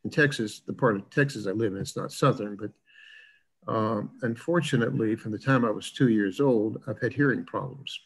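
A man's voice: lowish voice, moderate pace, gravelly, slightly rough, rough recording. An older man from the American South with a plain Midwestern-sounding accent, lecturing in an online class in a chatty, rambling way with lots of fillers.

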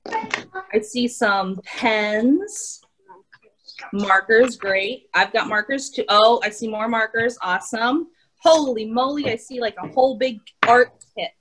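A young woman with a Midwestern American accent, an art teacher reading a picture book aloud to young children on a video call, animated and encouraging. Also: fairly high pitch, slow, a little hiss or hum, rough recording. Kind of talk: children's storytime read-aloud.

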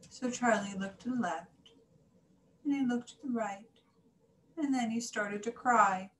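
A woman reading a children's story aloud in an animated, singsong way. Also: medium pitch. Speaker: story reader. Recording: echoey room, faint hiss.

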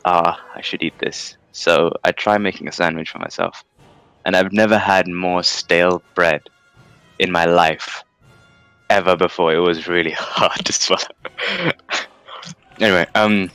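A man's voice: deep voice, unhurried, long pauses, fairly bright tone, clear, resonant tone, faint music behind. A man from London, casting a game tournament in a rambling, jokey way and laughing often. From London, England. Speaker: tournament caster. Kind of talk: casual game commentary.

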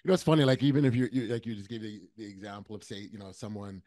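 A man's voice: fairly low pitch, rapid-fire, a little mellow, no room sound. Guy hosting a podcast, super affirming, trips on words a bit, dry mic. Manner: enthusiastic, repeats affirmations, stumbles on words. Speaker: podcast host. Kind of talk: casual interview chat.

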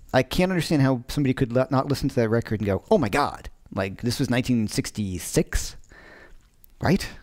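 A man's voice: mid-range voice, darkish tone. A middle-aged man, a guitar teacher, chatting casually on a livestream from home, rambling and often breaking off mid-sentence. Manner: rambling, self-interrupting, chatty. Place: home during lockdown.

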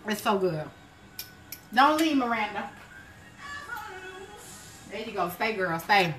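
A woman hosting a live cooking stream, chatting casually with her viewers and breaking into joyful shouts of praise. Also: mid-range voice, lively intonation, takes it slowly. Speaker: cooking show host. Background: gospel music playing.

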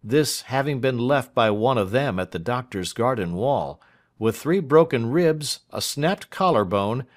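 A man voicing a dry, shrewd, whimsical male lawyer who is quick with pointed questions. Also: mid-range voice, animated, voice pushed up, close to an everyday voice. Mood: grave.

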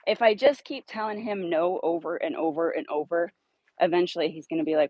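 A woman's voice: on the low side, expressive, brisk, a little mellow, slightly rough, dry recording, rough recording. A woman dog trainer explaining outdoor leash training in a direct, blunt way, working with a puppy in a yard. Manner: direct, blunt coaching with upbeat praise to dogs.

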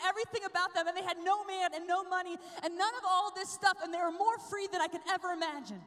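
A young woman giving an animated talk at a youth conference, telling her story, sometimes whispering and sometimes shouting. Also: extremely high pitch. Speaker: conference speaker. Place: large hall. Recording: long hall reverb.

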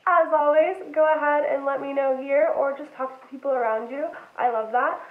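A woman reading a children's story aloud at home in a gentle, unhurried way, then chatting to her listeners. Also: high voice, fairly even intonation. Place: home, dogs nearby. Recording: echoey, tinny phone-like sound.

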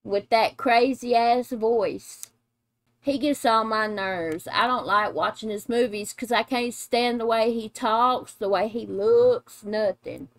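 Slow, blunt, animated woman reacting. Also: fairly high pitch, no echo. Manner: animated, blunt, laughs and exclaims. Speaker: reaction channel host, mother. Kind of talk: casual reaction chat.

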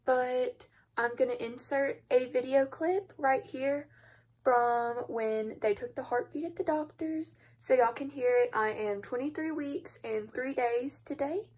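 Husky-voiced tired teenage girl. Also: high voice, unhurried, a little mellow. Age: teens. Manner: chatty, rambling, apologetic asides. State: sleep-deprived and tired. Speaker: vlogger. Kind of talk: casual vlog talk to camera. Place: at home.

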